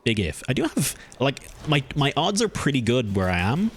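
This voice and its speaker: A man streaming a game, chatting casually and thinking aloud as he plays, with his pitch jumping up when something surprises him. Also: very animated, moderate pace, a little hiss or hum. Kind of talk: casual gameplay commentary.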